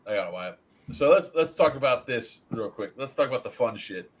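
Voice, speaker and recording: A man hosts a relaxed stream, recounting an event with plenty of profanity. His pitch rises and falls a lot as he talks, at an average middle height. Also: brisk. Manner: animated, swears freely, storytelling. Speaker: event organizer hosting a review stream. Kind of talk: casual stream chat.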